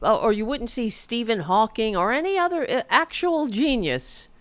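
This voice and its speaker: A woman's voice: a little high, expressive, moderate pace, dry recording. A woman hosting a podcast, delivering an indignant, sarcastic political rant and swearing freely. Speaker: podcast host.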